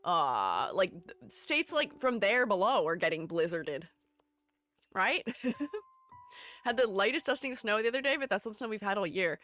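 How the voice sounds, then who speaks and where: Young woman, casual live-stream host; animated, chatty, laughs a lot. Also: mid-range voice, normal speed, soft background music. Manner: chatty, reads chat aloud, laughs often. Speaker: streamer and art educator.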